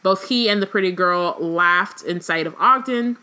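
This book podcast co-host has a lowish, sharp, clean-toned voice at a moderate pace. Between passages she reads aloud, her casual chatter is full of "like"s and "um"s.

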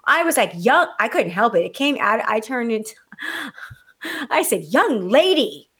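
An adult woman telling a story in casual chat, blunt and animated, swearing freely, with a condescending edge she admits to. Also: a little high, normal speed, husky. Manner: self-described condescending.

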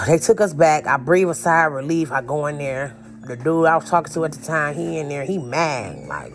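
A young woman, animated and slangy, telling a personal story and acting out the quotes. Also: deep voice, normal speed, soft background music. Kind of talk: casual storytelling.

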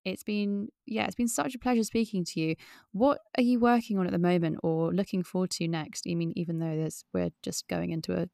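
Host: woman, lowish voice, frank and reactive, dry close sound. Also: fairly even intonation, brisk, vocal fry, warm tone, no echo. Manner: frank, reactive, swears freely. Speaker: podcast host. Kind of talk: casual chat.

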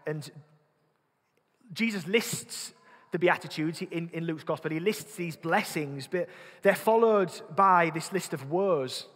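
Yorkshire man, preacher, sermon, slightly high voice, earnest, long church reverb. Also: a little slow, a bit bright, breathy edge. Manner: earnest, repeats words while thinking, asks the congregation questions.

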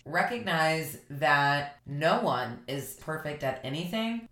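A woman with a low voice tells a personal story as a motivational speaker, chatty and earnest, her talk full of likes and you knows. She is from Tennessee. The recording has a roomy echo. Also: a bit bright. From Tennessee, USA. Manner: chatty, earnest, filler-heavy. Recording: echoey room.

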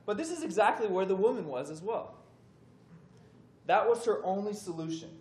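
A man's voice: high-pitched, normal speed. Young man telling a story in an echoey hall. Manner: animated, conversational, acts out voices in stories. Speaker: youth speaker. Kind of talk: casual sermon storytelling. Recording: echoey room with faint background noise.

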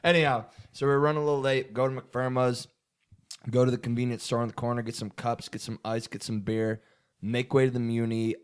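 A man's voice: mid-range voice, level tone, brisk, clear, resonant tone. A young man casually telling a rambling story to friends, swearing and saying dude a lot. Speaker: podcast co-host.

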